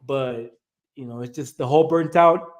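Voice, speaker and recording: A man's voice: mid-range voice, normal speed. A man on a sports talk show, frustrated and rambling, full of fillers.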